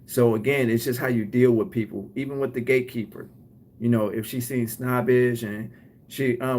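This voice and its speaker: A man's voice: medium pitch, fairly even intonation, normal speed, a little mellow, a little hiss or hum. Man, detroit accent, casual business advice, asks "right?" a lot, acts out little scenes. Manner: conversational, often ends points with "right?"; acts out both sides of short scenes. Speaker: cleaning business owner giving advice. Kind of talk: casual advice talk to viewers.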